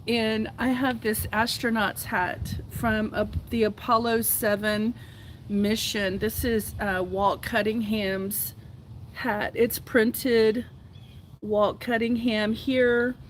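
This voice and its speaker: A woman's voice: fairly high pitch, steady tone, slow, a little hiss or hum, poor audio. A woman from Houston, hosting her own podcast and talking earnestly to camera in a heartfelt, rambling way. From Houston, Texas. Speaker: podcast host. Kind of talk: casual solo talk to camera.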